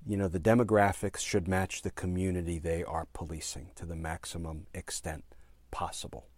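A very low-voiced man speaks earnestly about policing, repeating his key phrases for emphasis and pausing on fillers. The sound is dry and close, with no room around it. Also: little pitch movement, a little mellow, no room sound. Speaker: former prosecutor. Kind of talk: speech on policing.

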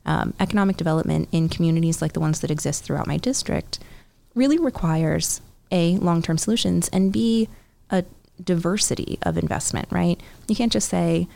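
An earnest woman in her thirties, a congressional candidate answering interview questions. Her voice sits a little low with a gravelly edge, and she lines up her points one by one, checking in with "right?". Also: moderate pace, warm tone. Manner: earnest, talks in lists, often adds "right?". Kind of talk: political interview.

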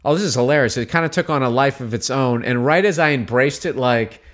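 A man's voice: mid-range voice, a little fast. A man, a comedian guest, telling a story in casual chat, swearing freely and restarting his sentences as he goes. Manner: profane, animated, rambling with restarts.

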